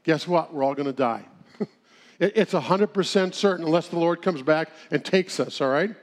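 A man's voice: a little high, normal speed. A middle-aged man giving a humorous, sermon-style talk, telling folksy stories with chuckles. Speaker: speaker at a church seminar.

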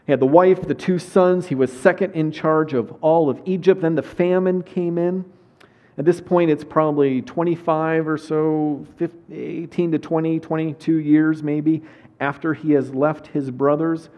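A man preaching, moving from quiet prayer into lively storytelling with asides. His voice sits a little high for a man. The recording is dull and lo-fi. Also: measured pace. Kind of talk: sermon with scripture reading. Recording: dull lo-fi sound.

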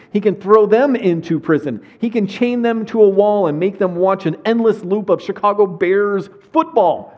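A man preaching a sermon, opening with a prayer and then telling a Bible story in a lively way with asides, reading scripture aloud. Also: fairly high pitch. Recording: dull lo-fi sound.

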